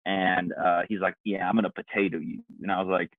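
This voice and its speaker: Podcast co-host, male, very low voice, dry tinny phone-like sound, rambling anecdotes. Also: little pitch movement, brisk, no room sound. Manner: rambling storyteller, acts out quotes. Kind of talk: casual chat.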